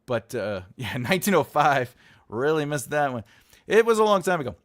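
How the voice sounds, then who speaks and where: A man's voice: on the high side, moderate pace. A man hosting a live writing stream, chatting loosely with his viewers, rambling and laughing, often acting out what other people say. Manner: rambling, animated, laughs often, acts out quotes. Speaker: writing teacher and show host.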